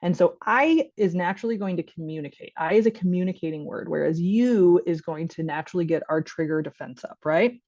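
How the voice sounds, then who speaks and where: A woman's voice: lowish voice, brisk, few pauses, darkish tone. Chatty woman doctor, dull lo-fi audio. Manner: chatty, keeps checking in with "right?". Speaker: physician giving a parenting workshop. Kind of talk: casual spoken lecture. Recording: dull lo-fi online workshop audio.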